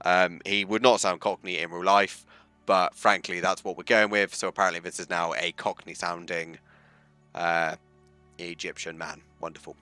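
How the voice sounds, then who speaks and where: A man's voice: low-pitched, flat delivery, moderate pace, bright, forceful tone, clear, resonant tone, soft background music. A man streaming a story game, reading its text aloud with chatty, self-mocking asides.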